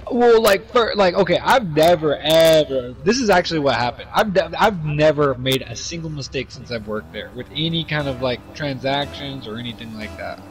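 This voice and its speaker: A man's voice: fairly high pitch, animated, moderate pace, hardly any pauses, soft background music. A young man telling a story in casual chat, rambling with lots of fillers and swearing.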